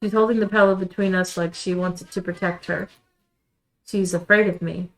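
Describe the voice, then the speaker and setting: A woman streamer reading a visual novel aloud in quiet, measured first-person narration. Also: fairly low pitch, steady tone, low-quality recording. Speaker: let's-play streamer.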